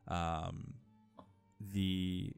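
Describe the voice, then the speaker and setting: Low-voiced male game master narrating. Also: level tone, gravelly, smooth, soft background music. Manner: unhurried, full of uh and um fillers.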